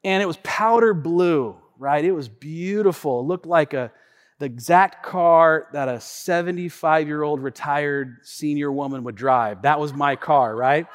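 A male pastor preaching in a chatty, animated storytelling way, full of asides and repetitions, heard in a reverberant church hall. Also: a little high, unhurried. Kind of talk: storytelling sermon.

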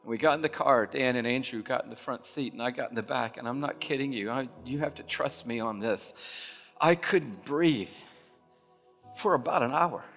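A man preaching a sermon, telling a story in a hushed voice, then building to loud impassioned preaching. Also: mid-range voice, moderate pace. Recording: long reverb of a large hall, music behind.

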